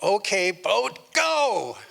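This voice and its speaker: A frantic boat owner hollers high, strained commands at a runaway boat, as a man plays him in a stage joke. The voice is bright and sharp. It is performed live in a theater. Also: normal speed. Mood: excited. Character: panicking male boat owner yelling commands.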